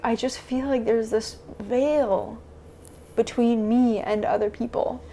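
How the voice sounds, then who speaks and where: A woman vlogging a confessional self-talk monologue to camera, halting and searching for words with many restarts. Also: on the high side, fairly even intonation, mellow, a little hiss or hum. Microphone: camera mic.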